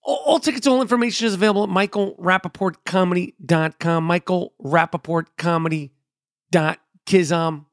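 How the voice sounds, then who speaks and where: A man's voice: high voice, a little fast, few pauses, dry recording, studio quality. A middle-aged man hosting a podcast, rambling in a loose, profane, streetwise monologue. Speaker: podcast host. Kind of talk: casual monologue.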